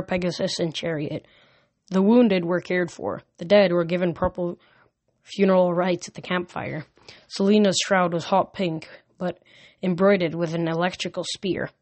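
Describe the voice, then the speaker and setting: A woman reading a novel aloud at a steady pace, with small slips and restarts. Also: lowish voice, dry recording. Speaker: audiobook reader.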